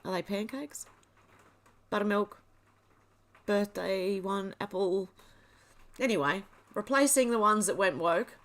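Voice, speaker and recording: A woman hosts a casual livestream. She reads posts aloud in a mid-pitched voice and answers them with chatty, offhand remarks. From Australia. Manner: chatty, reads posts aloud then reacts with quick asides. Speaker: livestream host. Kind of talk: casual commentary reading social media posts.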